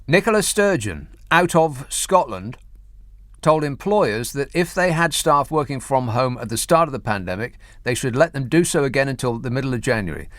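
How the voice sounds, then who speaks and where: Sardonic radio host, dry studio. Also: male voice, medium pitch, lively intonation, normal speed, fairly bright tone, no room sound. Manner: sardonic, mocking political commentary. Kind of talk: talk radio monologue and phone-in. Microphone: studio microphone.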